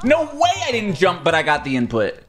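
This young streamer's fairly high, fairly bright voice swings hugely in pitch as he talks briskly through a platform game. Sarcastic and self-deprecating, he yelps and swears whenever he messes up.

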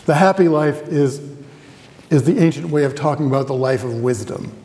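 A man's voice: fairly high pitch, moderate pace, a little mellow, in a large hall. A man giving a university lecture as a guest theology professor, conversational and often asking the audience questions. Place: lecture hall with a live audience.

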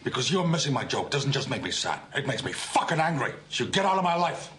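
An actor playing a petty, resentful middle-aged man who builds slowly to a furious punchline in a comedy sketch. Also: mid-range voice, big pitch swings, fairly bright tone. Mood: aggrieved.

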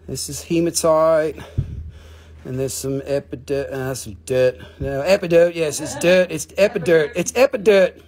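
A man with a mixed Australian and Northern English accent, hosting a casual live crystal sales stream, excitable and rambling, swearing freely. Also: high voice, moderate pace.

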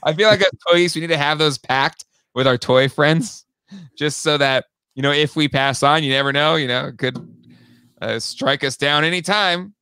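A man co-hosting a toy podcast in casual chat, excitable and quick to laugh. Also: a little high, clean tone, dry recording, clean studio sound. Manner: excitable, animated, laughs often.

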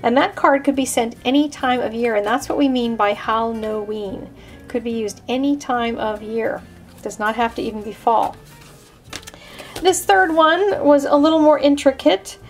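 Woman, craft tutorial host, chatty, step-by-step explaining, fairly high voice, faint music behind. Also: moderate pace. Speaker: card-making host.

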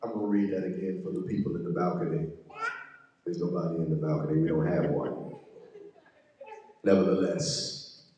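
A man's voice: deep voice, flat delivery, moderate pace, pauses often, background noise. A male pastor preaching a sermon, reading scripture and breaking off into asides and call-outs to his congregation. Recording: echoey hall, mic far off.

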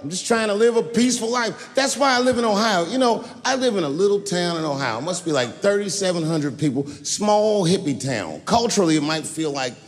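Brash, lively man doing stand-up. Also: high-pitched, brisk, few pauses. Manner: brash, profane storytelling with swings into shouting. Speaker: stand-up comedian. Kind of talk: stand-up comedy routine. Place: large stage in a venue with an audience. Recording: live venue with long reverb and audience noise.

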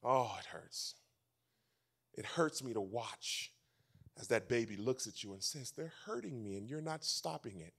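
A male pastor preaches a sermon at a church camp meeting, his mid-range, husky voice animated and a little slow. He swings from loud emphasis to hushed near-whispers and repeats his key phrases.

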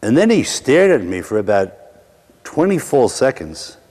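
A middle-aged man from Brooklyn, preaching through a personal story with wry asides and slow dramatic pauses. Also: medium pitch, sing-song, a little mellow, long reverb tail. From Brooklyn, New York. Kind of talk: sermon storytelling.

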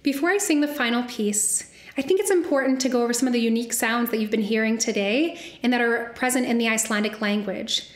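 A woman's voice: on the high side, quick pace, roomy sound. A young woman, a soprano, giving an academic lecture and carefully spelling out sounds as she explains.

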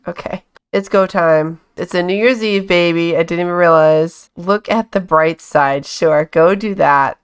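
A woman's voice: on the low side, measured pace, few pauses, smooth. A woman hosting a casual let's-play, chatting along and coaxing her characters with pet names. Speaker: gaming channel host.

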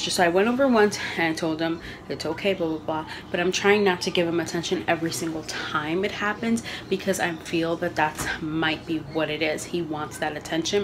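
Chatty young mother with a lower voice. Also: background noise. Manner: rambling, thinking aloud. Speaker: vlogger, mother. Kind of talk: casual home vlog chat. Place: home kitchen.

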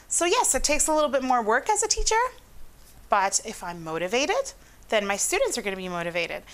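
A woman speaks as an interview guest, her voice sitting a little high. She talks with emphasis and lots of rising and falling intonation, like a psychologist explaining an idea she cares about. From Honduras. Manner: expressive, emphatic, varied intonation. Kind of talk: interview conversation.

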